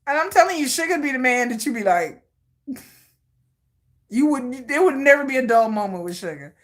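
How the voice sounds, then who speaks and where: A woman hosting a livestream in casual chat, rambling and animated and laughing often. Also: sits high, moderate pace. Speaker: livestream host.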